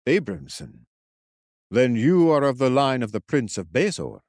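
A man reading as an ancient male warrior risen to serve, bold and loyal, his words slow, formal and old-fashioned. The voice sits a little higher than the reader's own, with a slightly altered tone, recorded dry and close. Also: very animated, a little mellow, no room sound. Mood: earnest. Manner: formal, archaic, measured speech. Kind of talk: audiobook character voice.

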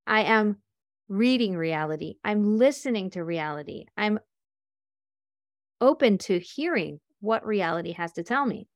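A woman coach talks through a faith-based lesson in a chatty, storytelling way, slipping into the voices of people she quotes. Her voice sits a little high, and the sound is dry and close with no room echo. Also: fairly bright tone. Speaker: life and business coach.

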